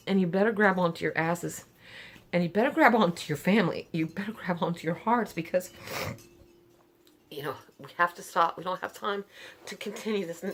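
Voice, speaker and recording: An earnest middle-aged woman talks straight to the camera, unscripted and heartfelt. Her voice sits a little low, and her words keep tumbling into sighs, soft laughs and restarts. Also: a little hiss or hum. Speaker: vlogger telling her story. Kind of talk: unscripted personal testimony to camera.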